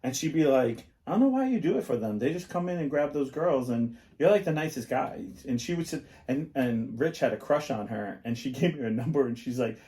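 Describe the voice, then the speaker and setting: A middle-aged man co-hosts a podcast, chatting casually and rambling through his stories with plenty of fillers. His voice is medium-pitched and dark in tone, and he talks in an animated, brisk way with hardly any pauses.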